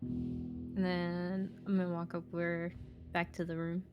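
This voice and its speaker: A woman's voice: on the low side, completely flat delivery, slow pace, muffled recording, over music. Curious, easygoing woman player. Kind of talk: casual tabletop game chat.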